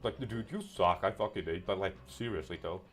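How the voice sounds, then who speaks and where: Male let's-player with a deep voice, dry sarcastic jokes and casual swearing. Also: fairly quick, faint music behind. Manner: sarcastic, joking, swears freely. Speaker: gameplay commentator. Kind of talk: casual let's-play commentary.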